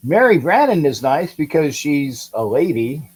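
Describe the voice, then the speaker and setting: Slow, rambling man hosting a sports livestream. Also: a little high, very animated, slightly rough, poor audio. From California. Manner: rambling, chatty, reads viewer comments aloud. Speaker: sports talk livestream host. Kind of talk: casual live-stream sports talk.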